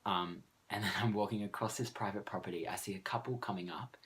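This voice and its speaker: A man's voice: fairly low pitch, brisk, a bit bright. A young man with an Australian accent, telling a rambling, self-mocking story in a casual vlog and laughing often. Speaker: vlogger.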